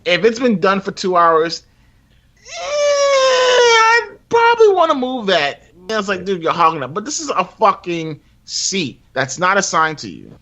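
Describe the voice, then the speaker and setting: A man on a podcast, telling a long rant in casual chat, profane and animated, acting out quotes. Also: sits high, normal speed, few pauses. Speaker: podcast co-host. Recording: dull lo-fi sound.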